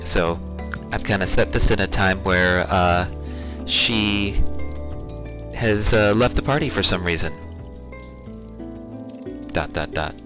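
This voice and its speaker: Deep voiced dev guy casually talking through his game on stream, music playing behind. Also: slow pace, long pauses. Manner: relaxed, chatty, with fillers. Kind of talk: casual let's-play commentary.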